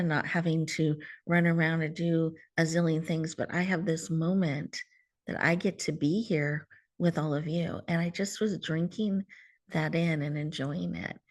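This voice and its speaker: A woman leads a virtual audience through a slow breathing exercise, her lowish voice soothing and coaching. She sometimes drops almost to a whisper. The sound comes through a video call. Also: darkish tone. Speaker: host leading a guided breathing exercise. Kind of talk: gentle guided mindfulness talk.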